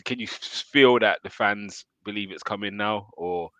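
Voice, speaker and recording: A man hosting a casual match chat, relaxed and asking his co-host questions. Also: fairly low pitch, moderate pace, dry recording. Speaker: football fan show host.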